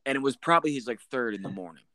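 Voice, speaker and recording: A man's voice: medium pitch, animated, racing, bright, forceful tone. A man in a casual chat, reminiscing about military service and prompting his friend for stories. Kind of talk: casual conversation.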